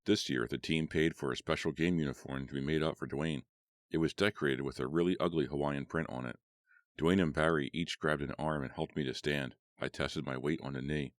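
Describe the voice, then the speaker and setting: Very deep-voiced male audiobook narrator. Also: steady tone, brisk, no room sound, studio quality.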